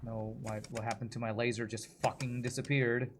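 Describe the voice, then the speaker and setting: A man's voice: medium pitch, little pitch movement, a little fast, noisy background. A man streaming a video game, commenting live in a frustrated, swearing rant while apologizing to the ship's designer.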